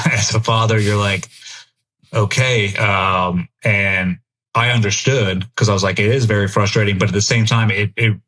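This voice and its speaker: This podcast guest, a middle-aged American man who served in the military, speaks candidly and reflectively during an interview. His lowish voice is bright and forceful, holding a steady tone at a moderate pace, and he sounds earnest, pondering aloud.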